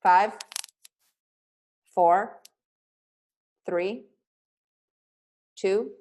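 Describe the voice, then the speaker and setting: A woman's voice: medium pitch, very slow, darkish tone. Upbeat woman coaching over a video call. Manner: upbeat, pep-talk style, laughs often. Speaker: business coach for yoga teachers. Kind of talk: energetic coaching webinar.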